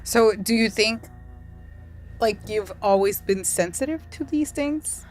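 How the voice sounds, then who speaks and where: A woman hosting a podcast, chatting in a relaxed way and often answering with short agreeing sounds. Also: medium pitch, takes it slowly, faint music behind. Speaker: podcast host. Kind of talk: casual chat.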